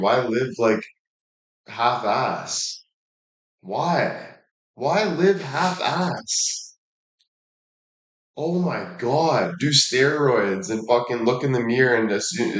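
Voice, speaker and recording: A man talking in a casual monologue, blunt and emphatic, swearing heavily and repeating himself for emphasis. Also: mid-range voice. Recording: echoey room.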